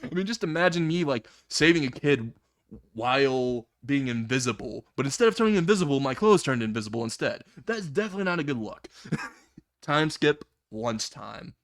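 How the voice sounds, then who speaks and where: A man's voice: medium pitch, lively intonation, moderate pace. A man telling a comedic fan-fiction story in a casual way, laughing at his own jokes and swearing freely.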